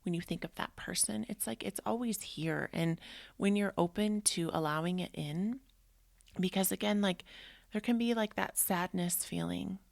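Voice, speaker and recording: Gravelly-voiced woman podcaster, heartfelt ramble. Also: medium pitch, normal speed, no echo, studio quality. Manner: heartfelt, rambling, many "like" fillers. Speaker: podcast host. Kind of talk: casual personal podcast monologue.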